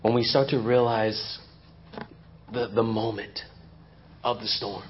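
A male pastor preaching a sermon, swinging between loud emphasis and hushed intensity. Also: on the low side, little pitch movement, slow, pauses often, highs cut off, noisy background. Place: church.

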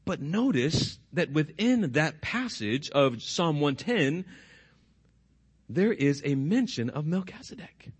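A man preaching a sermon as pastor, putting questions to the congregation and slowing down and dropping his voice to stress key words. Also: on the high side, sing-song, slightly rough. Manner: slows and drops his voice for emphasis.

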